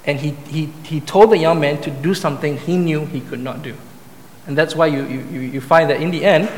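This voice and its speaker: Man preaching in an echoey hall. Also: fairly high pitch. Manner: conversational, with many restarts and asides. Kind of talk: sermon. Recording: echoey hall, faint room ambience.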